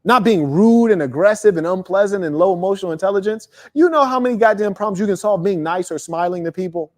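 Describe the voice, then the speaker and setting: Blunt, animated man with a raised voice. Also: sits high, fast. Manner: blunt, profane, animated storytelling. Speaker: host. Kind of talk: casual motivational monologue.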